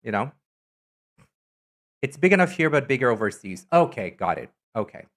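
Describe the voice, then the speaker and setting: A woman streamer in casual live-stream chat, talkative and teasing, answering chat messages with sudden high, loud exclamations. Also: big pitch swings, moderate pace. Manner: chatty, reacts to chat messages with loud teasing jumps in pitch.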